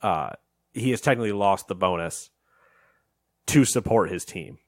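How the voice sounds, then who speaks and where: Low-voiced guy on a podcast chat, animated storyteller, dry close sound. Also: moderate pace, dry recording. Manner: animated storytelling, acts out quotes. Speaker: podcast co-host. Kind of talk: casual chat.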